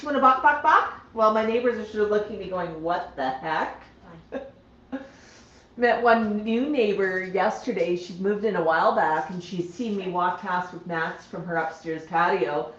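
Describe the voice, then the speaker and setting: At normal speed and medium pitch, a woman hosts a casual livestream from her home. She first coos and baby-talks to her pet parrots, then chats plainly with viewers, and the sound is dull and roomy.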